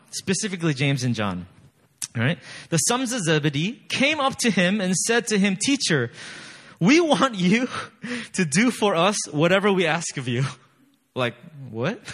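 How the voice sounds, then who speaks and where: In a high, slightly bright voice, a pastor delivers a sermon in a conversational manner. He reads scripture with mounting emphasis and keeps using fillers, especially "you know."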